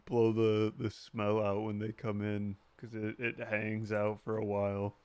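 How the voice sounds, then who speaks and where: Slow-talking young man with a smooth voice. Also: lowish voice, completely flat delivery, a little mellow, no echo. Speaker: podcast co-host. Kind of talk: casual chat.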